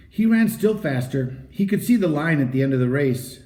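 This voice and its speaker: A man reading a children's chapter book aloud as storybook narration, in an animated, expressive read-aloud manner. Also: on the high side, normal speed. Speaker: audiobook reader. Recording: roomy echo.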